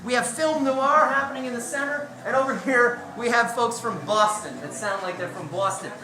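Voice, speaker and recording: A woman hosting a live improv comedy show, briskly and playfully explaining the games to the audience. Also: on the high side, sharp tone, slight background noise. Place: comedy club stage. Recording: echoey club room with audience.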